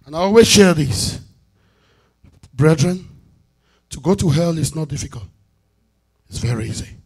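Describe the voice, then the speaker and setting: A man preaching a sermon as bishop, calling out to the congregation for answers and swinging between loud declarations and hushed asides. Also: a little high, lively intonation, normal speed, husky. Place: church sanctuary.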